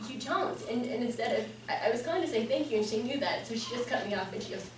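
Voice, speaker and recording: A woman delivers a halting memorial speech, pausing and laughing between memories. Her voice sits a little high. She is heard from across an echoing service room with steady background noise. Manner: halting, with fillers and frequent laughs. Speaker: family member giving a eulogy. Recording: echoey, distant and noisy.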